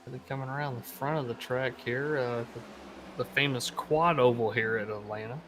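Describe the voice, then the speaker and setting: A man doing casual commentary on a sim race, calling the action in a lively, excitable way. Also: medium pitch, normal speed, background noise.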